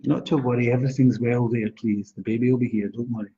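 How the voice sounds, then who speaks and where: A man's voice: fairly even intonation, fast talker, noisy background. A man giving psychic readings to viewers on a live stream, chatty and reassuring, laughing often. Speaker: psychic astrologer. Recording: dull low-fidelity live stream.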